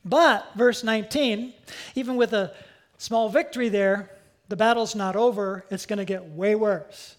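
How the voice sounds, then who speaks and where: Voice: medium pitch, a little slow. A pastor preaching a sermon in a conversational way, with asides and self-corrections.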